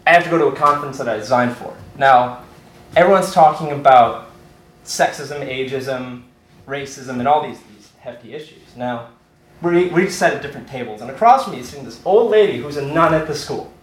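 A man's voice: mid-range voice, normal speed, reverberant, a little hiss or hum, rough recording. A young man animatedly telling a personal story on a live storytelling stage.

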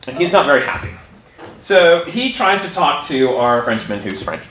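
A man telling a funny story live on stage, animated, breaking into laughter and restarting sentences. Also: fairly high pitch, moderate pace. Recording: echoey room with background noise.

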